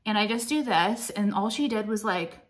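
A woman's voice: medium pitch, lively intonation, normal speed, slight background noise. Blunt, foul-mouthed woman in her late 30s. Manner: blunt, profane, rambling. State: out of breath. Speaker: beauty vlogger. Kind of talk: casual makeup tutorial chat.

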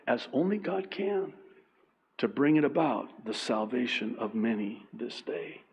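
A male pastor delivers a sermon with animated, self-deprecating energy and laughs often. He slips into little acted voices as he tells his stories. His pitch sits in an ordinary middle range, and the recording is slightly dull. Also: normal speed, gravelly, slightly rough.

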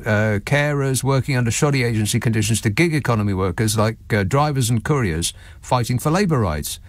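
A man hosting talk radio, sardonic and mocking as he picks apart stories. His pitch leaps around as he talks. He is recorded close and dry in a studio. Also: no room sound. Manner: sarcastic, mocking, lively asides. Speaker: radio phone-in host.

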